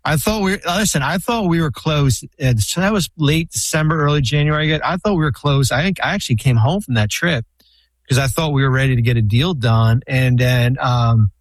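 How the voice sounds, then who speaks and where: A former basketball team executive, appearing as a podcast guest, tells long, meandering anecdotes in a casual talk-show chat, full of fillers and restarts. His voice is medium in pitch at a normal speed, and the recording is dry.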